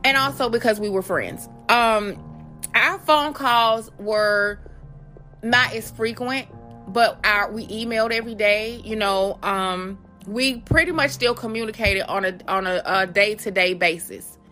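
A woman's voice: medium pitch, unhurried, pushed and bright, faint music behind. A woman hosting a solo podcast, talking earnestly and casually, reading out figures with small restarts. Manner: earnest, conversational, reads statistics aloud with restarts. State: has the hiccups. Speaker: podcast host.

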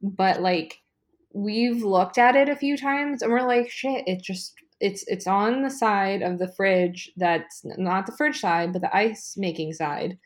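Excitable swearing woman podcast host. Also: mid-range voice, a little slow. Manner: swears freely, excitable and rambling. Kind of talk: casual chat. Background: ice maker noise from a fridge.

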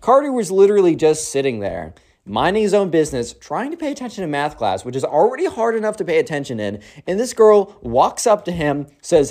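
Brief: young male vlogger, excitable storyteller, lively pitch. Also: a little fast. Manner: slangy, excitable, lots of 'bro' and 'like'. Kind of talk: casual storytime vlog.

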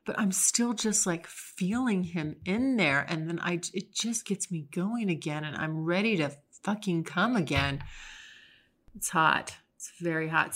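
Young adult woman, solo podcast host; frank, chatty delivery, slightly low voice. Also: fairly bright tone. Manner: frank, chatty, with frequent restarts. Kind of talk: casual solo monologue.

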